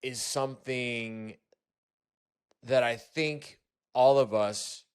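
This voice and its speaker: A man hosting a casual podcast interview, asking questions haltingly with many restarts. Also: medium pitch, fairly even intonation, clean tone. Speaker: podcast host.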